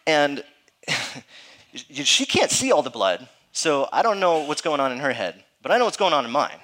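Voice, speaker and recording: A man's voice: mid-range voice, fairly bright tone, low-quality recording. A man in his thirties, a pastor, preaching an earnest, emphatic sermon in a conversational way.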